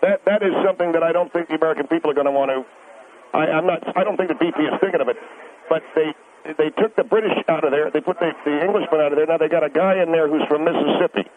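A man's voice: a little high, quick pace. A man calling in to a radio show, ranting in a rambling, insistent way, stumbling over words and repeating himself. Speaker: radio caller. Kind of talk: rambling phone-in rant. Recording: tinny phone line with faint hiss.

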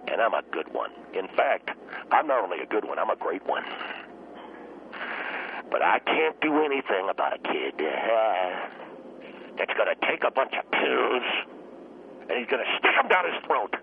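An actor playing a hot-tempered teacher who guests on a talk show, ranting and stammering in loud bursts. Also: male voice, on the low side, huge pitch swings, normal speed, gravelly, pauses often, narrow, tinny audio, a little hiss or hum, heavily acted. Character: blustering middle-aged male teacher, hot-tempered. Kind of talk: comedic radio talk show sketch.

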